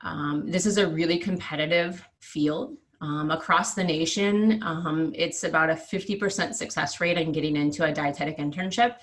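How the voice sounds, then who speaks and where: A woman's voice: low-pitched, moderate pace, hardly any pauses. A woman, presenting degree options in a virtual information session over a video call, explanatory with frequent ums. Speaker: university presenter.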